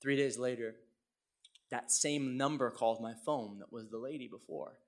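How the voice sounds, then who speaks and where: A middle-aged male pastor telling a personal story in a sermon, swinging from hushed tones to loud exclaims. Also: medium pitch, steady tone, moderate pace.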